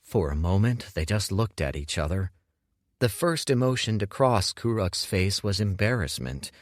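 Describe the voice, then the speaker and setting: A man reading an audiobook in measured scripted narration. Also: on the low side, sing-song, no room sound, clean studio sound.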